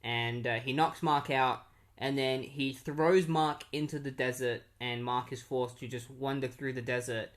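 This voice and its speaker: A man's voice: medium pitch, fairly even intonation, measured pace. A man casually retelling a comic book plot, rambling with many fillers. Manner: rambling, filler-heavy storytelling.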